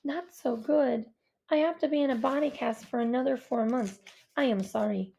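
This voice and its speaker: A woman's voice: high voice, moderate pace, creaky. A woman voicing a polite, earnest young Bengali boy with a light Indian accent. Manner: polite, earnest, soft-spoken.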